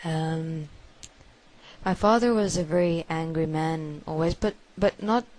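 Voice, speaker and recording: A woman recounts a confession in the first person. Her voice sits a little low, and she speaks very slowly. She talks in a halting, hushed way and circles back over the same phrases again and again. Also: rough recording. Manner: halting, hushed storytelling with many repetitions.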